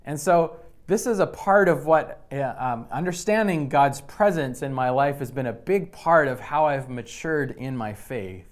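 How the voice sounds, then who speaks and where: A man's voice: medium pitch, unhurried, hardly any pauses. A man preaching a sermon in a conversational way, often restarting and repeating words. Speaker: pastor.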